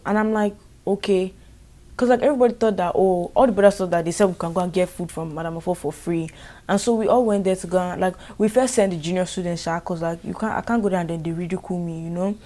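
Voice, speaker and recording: A young woman with a Nigerian accent tells a school story for her vlog. She sounds animated and exasperated, and her voice sits on the lower side. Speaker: vlogger.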